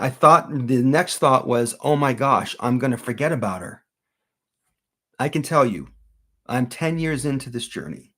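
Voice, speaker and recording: A middle-aged man, a grief coach, answering viewer questions on a live stream in a gentle, earnest way with many fillers and restarts. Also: medium pitch.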